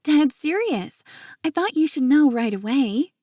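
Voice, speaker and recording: A woman voicing an excitable, gossipy young woman friend who teases and chatters in a lifted voice. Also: unhurried, no room sound, studio quality. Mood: teasing. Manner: teasing, bubbly, raised pitch.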